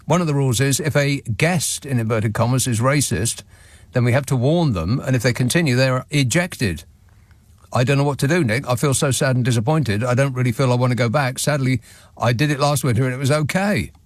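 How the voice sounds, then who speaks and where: Man, radio host, reading listener texts, dry sardonic asides, mid-pitched voice, studio mic. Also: a little fast, no room sound. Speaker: radio talk show host. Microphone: studio microphone.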